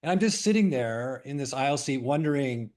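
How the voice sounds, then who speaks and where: A middle-aged man from Hawaii shares a story and a spiritual reflection at a gentle, measured pace. He often pauses, restarts and fills gaps with soft "um"s as he thinks aloud. His voice sits at an ordinary middle pitch for a man. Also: expressive. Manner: thoughtful, unhurried, with many pauses and fillers. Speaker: spiritual discussion leader.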